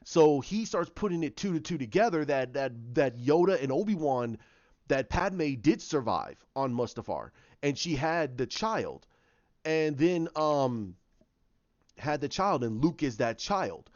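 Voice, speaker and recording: A man's voice: a little high, very animated, a little slow, darkish tone, dry recording, muffled recording. A man in a casual fan retelling, rambling along with many restarts. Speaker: fan commentator.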